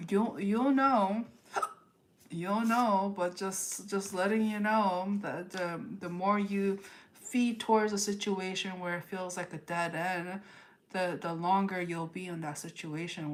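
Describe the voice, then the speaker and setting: Slow, low-voiced woman reading tarot live. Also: steady tone. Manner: addresses viewers directly, repeats phrases, ends points with "okay?". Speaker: tarot reader.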